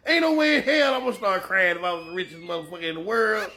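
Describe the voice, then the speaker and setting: Man, higher-pitched voice, boastful profane rant. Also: fast, pushed and bright, a little hiss or hum. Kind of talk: casual rant.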